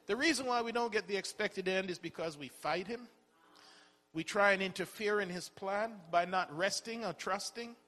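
A man delivers a sermon in a high, bright voice. He preaches conversationally, asking rhetorical questions and repeating words as he builds his points. The voice rings out with a long reverb, as if in a large hall. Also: moderate pace.

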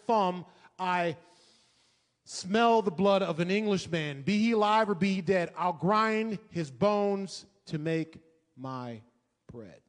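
Man doing a menacing storybook giant, booming chant, high and loud, echoey hall. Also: animated, takes it slowly. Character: menacing male giant of folklore.

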